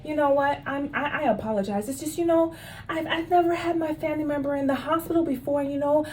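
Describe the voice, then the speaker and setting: A woman's voice: sits high, quick pace, far from the mic, a little hiss or hum, voice pushed up, natural voice. A woman voicing a timid, worried woman who calls the hospital about a relative and speaks hesitantly. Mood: apologetic. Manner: hesitant and soft-spoken, with fillers.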